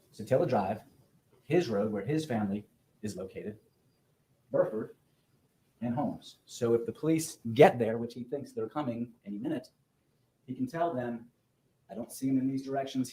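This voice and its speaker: A man, a defense attorney, giving an opening statement in court and walking through events step by step in a measured way. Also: mid-range voice, dark tone, breathy edge, rough recording. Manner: measured, methodical walkthrough of events.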